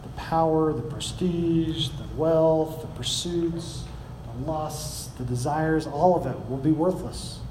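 A man's voice: on the high side, slow pace, dark tone, echoey room, slight background noise, poor audio. A man preaching a sermon, reading scripture aloud and explaining it with rising emphasis. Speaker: pastor.

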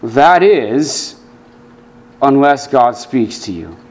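Slow, earnest male preacher. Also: big pitch swings. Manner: earnest preaching, dropping low and soft for quoted scripture. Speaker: pastor. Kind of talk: sermon.

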